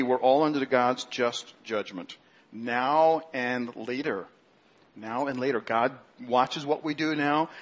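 Male pastor, sermon, animated delivery, husky, muffled lo-fi recording. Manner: animated preaching, acts out grumblers in a mocking high voice.

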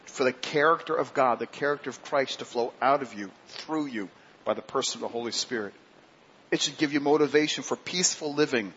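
A man preaching a sermon with earnest emphasis, slowing and rising on scripture quotes. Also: mid-range voice, fairly bright tone, husky. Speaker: pastor. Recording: dull lo-fi sermon recording with faint noise.

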